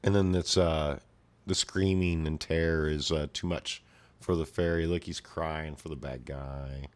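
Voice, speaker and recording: A man's voice: very deep voice, steady tone, a little slow. A man casually reading a comic aloud and commenting, laid-back with mumbled asides. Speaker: video host reading a comic.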